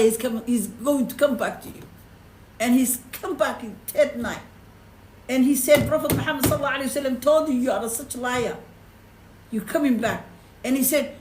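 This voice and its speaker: Lady teaching a hadith class, high pitched, broken english, echoey room. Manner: recites Arabic fast, then retells it in simple, broken English; animated, switching between Arabic and English. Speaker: Quran teacher. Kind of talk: telling a hadith to a small class. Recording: echoey room with faint noise.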